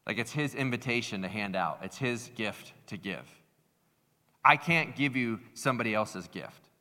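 A man delivers a sermon with a bright, forceful voice that carries. The sound rings with the long reverb of a large hall. He talks in a lively, conversational way and slips into other people's voices when telling a story. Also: medium pitch, normal speed. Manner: animated, acts out voices in stories. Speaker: pastor.

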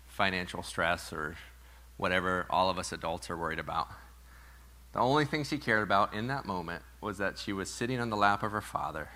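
A man in his thirties preaching a sermon to a live congregation, conversational and storytelling, with playful asides and softer reflective moments. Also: mid-range voice. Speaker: pastor. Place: church sanctuary with live congregation.

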